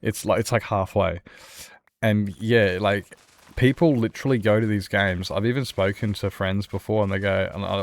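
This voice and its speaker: Chatty Australian man, low voice. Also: steady tone, moderate pace. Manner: rambling and chatty, laughs often, many restarts. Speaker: streamer. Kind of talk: casual chat with viewers while playing a survival game.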